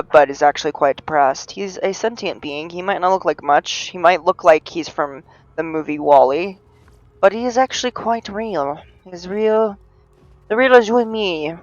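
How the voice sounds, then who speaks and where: Slow, rambling woman streamer. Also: lowish voice, no room sound, highs cut off. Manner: rambling, self-mocking, bursts into panicked yelling. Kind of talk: live gameplay commentary.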